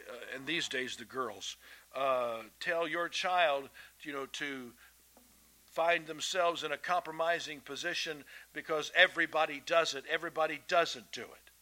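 A man's voice: fairly high pitch, moderate pace, sharp tone, rough recording. A man preaching a sermon to kids and grown-ups, talking in a folksy, emphatic way and restarting his words often. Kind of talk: sermon to children and adults.

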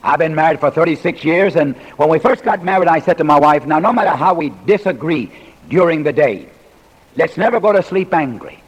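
Older male pastor, sixties, folksy sermon delivery with jokes and pauses, husky, long reverb. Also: on the high side, lively intonation. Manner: folksy humorous preaching with dramatic pauses. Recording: reverberant hall recording.

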